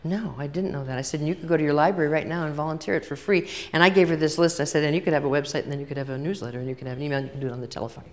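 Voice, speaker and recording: An older woman with a low, steady voice gives a chatty workshop talk in a large hall, telling stories and acting out both sides of conversations. She talks very fast with few pauses, and the hall adds a long reverb with the audience present.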